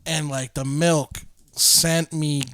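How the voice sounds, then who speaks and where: A man's voice: fairly high pitch, flat delivery, slow pace, a bit bright, dry recording. A man with a Philadelphia-area accent co-hosting a podcast, cracking crude jokes and laughing a lot in casual chat. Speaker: podcast co-host.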